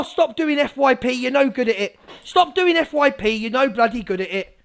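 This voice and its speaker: A combative woman ranting on her livestream, sarcastic and full of swearing. Her voice sits high for a woman and she jumps between cutting jabs and retorts. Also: lively intonation, normal speed, gravelly. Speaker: live streamer. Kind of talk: livestream rant.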